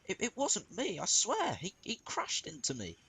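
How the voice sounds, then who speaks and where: A man's voice: sits high, huge pitch swings, moderate pace, vocal fry, pushed and bright, husky, pitched above the performer's own voice, exaggerated voice. A man voicing a cheeky, snappy little male engine in a fan-made story, snapping and stammering. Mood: flustered.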